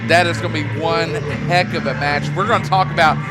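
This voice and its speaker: A man's voice: fairly high pitch, steady tone, brisk, over loud music. A man hosting play-by-play commentary for a wrestling show, upbeat and announcing the card.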